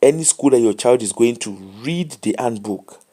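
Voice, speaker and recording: A man's voice: medium pitch, expressive, moderate pace, warm tone. A tired man with a Nigerian accent hosting a late live show, giving casual commentary and advice in English mixed with Pidgin.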